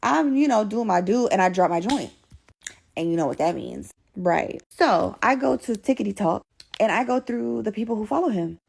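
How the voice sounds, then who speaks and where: A woman telling a story in a casual get-ready-with-me storytime, animated and slangy, swearing freely. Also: mid-range voice, normal speed, gravelly, slightly rough.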